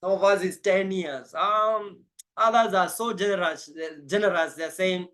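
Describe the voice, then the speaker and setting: A man's voice: sits high, measured pace, fairly bright tone. A man giving a motivational life coaching session, emphatic and spiritual, repeating his key phrases.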